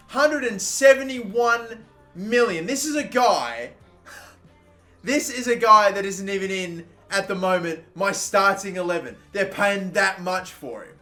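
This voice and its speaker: A young Australian man giving exasperated, swearing commentary over his own football video game, with sudden loud outbursts. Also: high-pitched, animated, normal speed, soft background music. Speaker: gaming YouTuber. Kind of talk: gameplay commentary.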